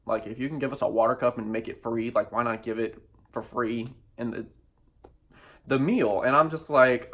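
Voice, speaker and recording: A young man from the Midwestern United States telling a personal story to camera in a casual, animated and sassy way, with exasperated asides. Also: mid-range voice. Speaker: vlogger.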